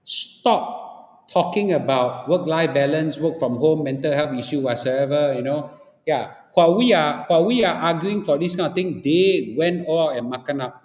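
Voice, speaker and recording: A man's voice: a little high, expressive, moderate pace, darkish tone. A man with a Singaporean accent giving an opinionated livestream talk, blunt and lecturing, often checking in with "okay?" and "ah". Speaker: livestream host. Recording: echoey room with long reverb.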